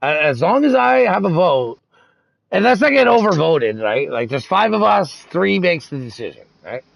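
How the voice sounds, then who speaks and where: A man in casual voice chat, telling profane, animated stories about racing league rivals. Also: high voice, moderate pace, gravelly, poor audio.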